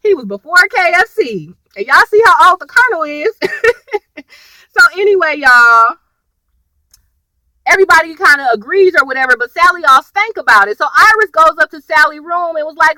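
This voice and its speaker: A woman recapping a TV episode in casual chat, animated and slangy, talking straight to her viewers. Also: high-pitched, normal speed, no room sound, rough recording. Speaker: TV episode reviewer.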